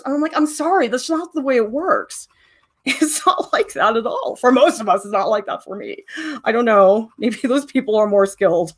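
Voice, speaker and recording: A woman's voice: mid-range voice, fairly bright tone. A middle-aged woman teaching a live drawing demo, chatty and self-deprecating, often laughing at herself. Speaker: art teacher.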